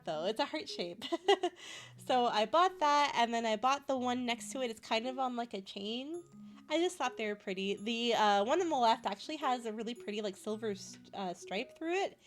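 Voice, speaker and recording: A bubbly young woman from Canada chatting casually with her stream chat, giggling often and gushing over cute things. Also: sits high.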